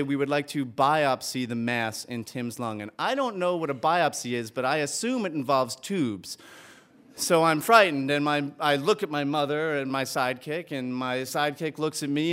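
A man with a fairly high voice tells a personal story on stage. He speaks earnestly and with animation, and the audience laughs along. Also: normal speed, a bit bright, clear, resonant tone. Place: stage before a live audience.

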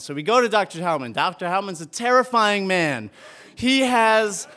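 A man's voice: sits high, moderate pace, sharp tone, clean tone. A man telling a self-mocking, comic personal story live on stage.

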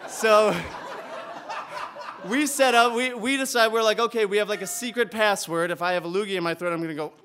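High-voiced man telling a stage story. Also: brisk. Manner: animated, comic, builds to heartfelt. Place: theater stage before an audience.

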